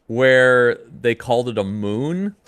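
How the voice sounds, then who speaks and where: A man co-hosting a podcast, chatting casually about comics and now and then jumping into loud mock voices. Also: medium pitch, animated, takes it slowly, clear, resonant tone, no echo. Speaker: podcast co-host. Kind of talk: casual comic-book discussion.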